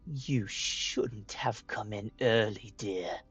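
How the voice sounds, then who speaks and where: A man's voice: takes it slowly, fairly bright tone, husky, full character voice. A man doing a taunting villainous dragon soldier. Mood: menacing hiss. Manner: sing-song taunting, low hiss. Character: sinister male dragon soldier, mocking.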